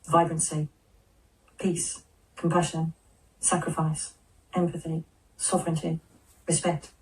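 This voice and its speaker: A serene male spirit of Jesus speaks through a medium, as a woman channels him. The delivery is slow, solemn and almost monotone, holding one level note. The voice sits back from the microphone. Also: low-pitched, far from the mic, voice pushed down, natural voice, poor audio. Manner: slow, solemn, measured pronouncements.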